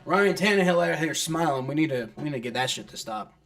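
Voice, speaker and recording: Man, fan play-by-play, lively swinging pitch, slightly high voice, exasperated, swears a lot. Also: fast talker. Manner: exasperated, complaining at refs and players; swears casually, many fillers like "like". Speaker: fan streamer doing play-by-play. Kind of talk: live fan play-by-play reaction.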